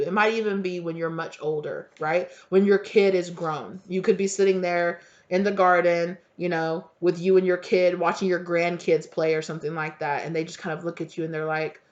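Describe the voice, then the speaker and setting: A tarot reader talks through a casual reading in a mid-range voice that is heartfelt and rambling, full of fillers and the odd swear. The sound is dull and lo-fi. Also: medium pitch.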